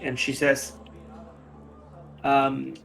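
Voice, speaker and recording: A man narrating a tabletop game as game master, relaxed and full of fillers. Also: medium pitch, very slow, gravelly.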